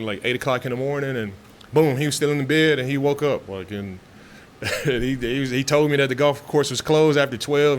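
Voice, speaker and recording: A man, answering press questions after practice. He talks loosely and chattily, piling on fillers and restarting his sentences, in an ordinary mid-range voice. A faint hum sits behind him. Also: mid-range voice. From Texas. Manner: relaxed, talkative, frequent fillers and restarts. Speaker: football player at press conference. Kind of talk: casual press interview. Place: media room after practice.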